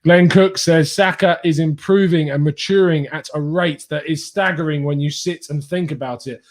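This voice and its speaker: Chatty young man, slightly high voice. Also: fairly even intonation, normal speed. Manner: chatty, laughs often, reads comments aloud. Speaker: fan channel host reading live chat. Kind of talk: casual live-stream chat.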